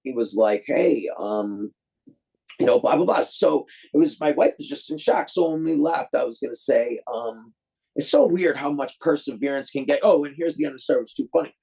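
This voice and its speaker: This Detroit, USA man, a guest filmmaker, speaks at a moderate pace in a mid-range, dark voice with vocal fry and a breathy edge, captured in a low-quality recording. His long, loose, rambling story is full of fillers and restarts, and he performs the quoted voices of its characters.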